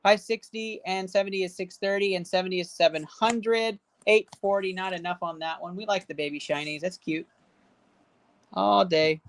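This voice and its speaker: A woman with a fairly low voice hosts a live stream, opening card packs and chatting casually with viewers while rattling off running totals of card values. She talks fairly quickly with hardly any pauses, cheering and bantering with chat, over a slight hiss or hum.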